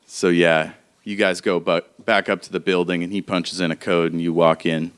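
A man's voice: sits low, flat delivery, normal speed, smooth. A man narrating as game master in a tabletop game, loose and casual. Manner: loose, casual, laughing often.

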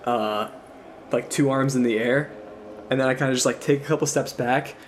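Tabletop player, man, medium pitch, halting, faint hiss behind. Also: fairly even intonation. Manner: hesitant, filler-heavy. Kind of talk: casual game chat.

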